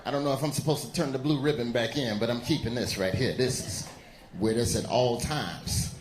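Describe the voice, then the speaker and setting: A man from Alabama, doing a loose, animated stand-up set on a stage. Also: mid-range voice, brisk, noisy background. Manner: animated, loose storytelling with exaggerated voices. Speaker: stand-up comedian. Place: comedy stage before a live audience.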